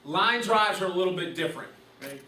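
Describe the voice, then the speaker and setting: A man instructs a class of umpires in a conversational lecture, posing questions and repeating the key points. His voice is high, lively in intonation, fairly quick, bright and forceful. The recording sounds roomy, with a distant mic and faint hiss.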